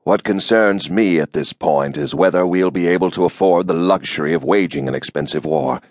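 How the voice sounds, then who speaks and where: A man doing a flat, nasal plainspoken president. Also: deep voice, moderate pace, no room sound, natural voice. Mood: grave. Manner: dry, folksy understatement. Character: weary older male president, plainspoken. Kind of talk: audiobook character voice.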